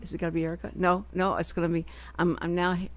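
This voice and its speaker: A woman's voice: lowish voice, level tone, fast. A woman with a Texas accent hosting a radio talk show, chatting in a rambling, self-deprecating way. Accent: Texan. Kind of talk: casual chat. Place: radio studio.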